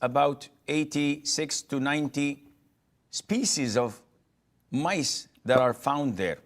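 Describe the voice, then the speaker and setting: Slow, halting man giving a lecture. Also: fairly high pitch. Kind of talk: religious lecture.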